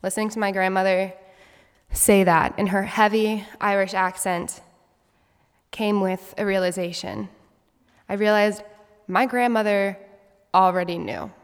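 A young woman in her twenties gives a heartfelt spoken story, earnest and reflective. Her voice sits at an ordinary middle pitch. It rings out with a long reverb, as in a large hall. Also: fairly even intonation, measured pace, pauses often, clear, resonant tone. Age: 20s. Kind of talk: personal story speech.

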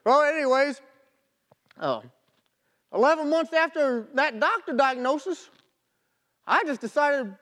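High-voiced folksy male storyteller. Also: unhurried, long pauses. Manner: folksy, animated storyteller with casual grammar. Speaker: marathon runner telling his story. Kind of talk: storytelling talk.

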